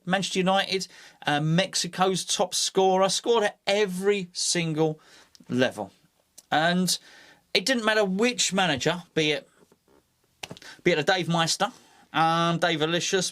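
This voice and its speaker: A man's voice: a little high, fairly bright tone. A man hosting a fan channel, talking casually and at length about his club, rambling with fillers, restarts and jokes at his own expense. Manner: rambling, self-mocking, many fillers and restarts. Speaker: football fan channel host. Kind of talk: casual solo commentary.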